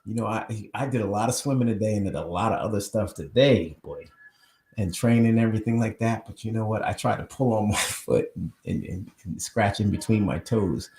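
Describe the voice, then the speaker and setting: A man's fairly low, somewhat mellow voice reverberates as he hosts a live show online from his home. Using a new microphone, he rambles casually and addresses his viewers directly.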